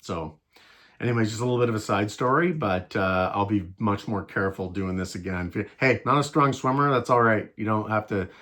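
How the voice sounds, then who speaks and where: A man casually telling a travel story, rambling and animated, with many restarts and fillers. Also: medium pitch. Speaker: travel vlogger.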